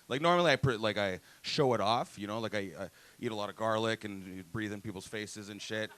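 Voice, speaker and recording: A man's voice: lowish voice, fairly quick, fairly bright tone. A man in his thirties from Toronto with a Toronto accent, performing stand-up comedy, profane, often laughing, acting out other voices. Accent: Toronto English. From Toronto, Canada. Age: 30s. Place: comedy club stage.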